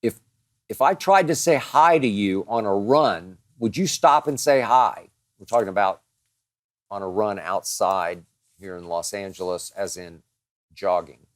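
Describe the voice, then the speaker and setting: A man's voice: lowish voice, measured pace, no room sound, studio quality. A man hosting a show, answering listener questions in a dramatic, emphatic monologue that piles up strong words.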